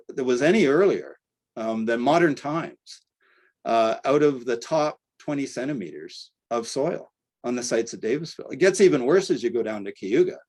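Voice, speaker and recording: An older man giving a relaxed academic lecture at a middle pitch. He keeps it conversational, with ums and uhs and a habit of ending points with a quick "right?". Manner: conversational, tags points with "right?", frequent fillers. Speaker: archaeology lecturer.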